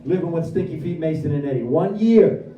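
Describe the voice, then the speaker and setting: A man giving a lively personal recovery testimony at a speaker meeting, acting out his own dialogue as he goes. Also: a little high, fairly quick, muffled recording, a little hiss or hum. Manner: animated storyteller who acts out his own dialogue. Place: meeting room at a recovery center. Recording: echoey room, voice from far off.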